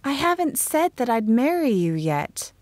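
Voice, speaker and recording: A woman's voice: fairly high pitch, unhurried, no room sound, pitched above the performer's own voice. A woman voicing an earnest, spirited eighteen-year-old schoolteacher in an audiobook. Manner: lively, bright-toned dialogue reading.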